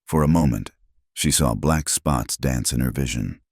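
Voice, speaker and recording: A man narrating a western story in a measured, solemn scripted delivery. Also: extremely low pitch, husky, no echo, clean studio sound.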